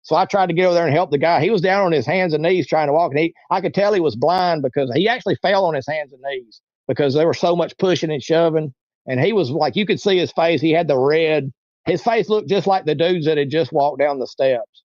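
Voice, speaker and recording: A man's voice: on the high side, brisk, a little mellow, no echo, lo-fi sound. A man in his forties, a guest telling a long story in a casual, rambling way and now and then acting out the voices of people in it. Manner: rambling, acts out quoted voices. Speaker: interview guest.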